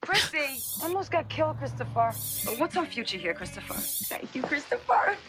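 An actress playing an excitable young mob girlfriend in a TV crime drama, speaking in a New York accent and pleading with her boyfriend. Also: moderate pace. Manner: high, pleading, keeps saying her boyfriend's name. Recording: TV clip with music underneath.

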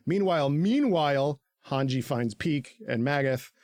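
A man recapping an anime on a podcast, loose and profane, breaking into laughter and silly voices. His voice sits fairly high. It sounds dry and close to the mic. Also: animated, unhurried, darkish tone, dry recording. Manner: goofy, profane, laughs often, acts out characters in squeaky voices. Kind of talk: casual podcast chat.

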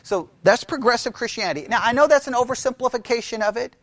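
A man's voice: very high voice, fast talker, fairly bright tone, no room sound. A man lecturing a Bible class in a conversational way, quizzing his listeners and repeating key phrases.

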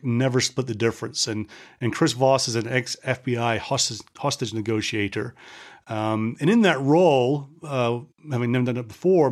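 A middle-aged man from Scotland with a Scottish American accent, hosting a solo podcast, talking fast and at times mumbling. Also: medium pitch, a little mellow. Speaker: podcast host. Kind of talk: solo podcast talk and book reading.

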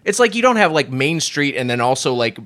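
A man's voice: mid-range voice, fairly quick, no room sound. A man co-hosting a podcast in casual, joking chat. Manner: joking, animated. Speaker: podcast co-host.

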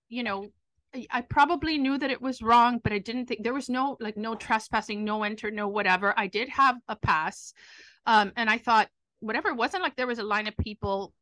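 A middle-aged woman co-hosting a podcast, telling a story in a lively way and acting out what others said. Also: fairly high pitch, dry recording. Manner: animated storyteller who acts out what others said. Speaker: podcast co-host. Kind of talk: casual chat.

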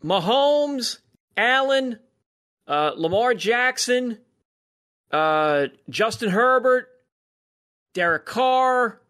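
A man's voice: extremely high pitch, expressive, drawn-out words, pauses often, a bit bright, clean tone. A man co-hosting a podcast, telling long rambling anecdotes with plenty of fillers. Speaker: podcast co-host. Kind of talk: casual sports chat, storytelling.

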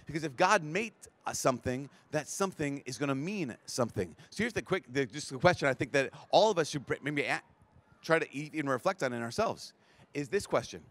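A brisk man with a voice on the high side, a priest, tells stories at a large event's live conference talk. He acts out everyone he quotes with animation, and excitement often sends him stumbling into restarted sentences.

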